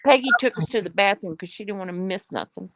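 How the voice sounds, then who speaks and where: A woman's voice: medium pitch, lively intonation, quick pace, fairly bright tone, no echo, rough recording. Wry teasing woman, dry close sound. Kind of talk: casual chat.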